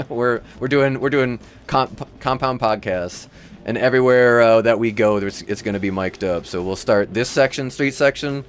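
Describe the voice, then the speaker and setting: A man's voice: mid-range voice, normal speed, slight background noise. A man from Michigan with a Midwestern accent, hosting a livestream and chatting casually with viewers, rambling and laughing often. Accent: Midwestern American. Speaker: livestream host.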